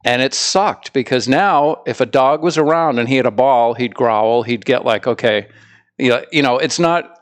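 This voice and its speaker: A man's voice: mid-range voice, moderate pace. Laid-back teasing man on a podcast. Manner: laid-back, teasing devil's advocate who drifts into long anecdotes. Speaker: podcast co-host, dog trainer. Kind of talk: casual podcast chat.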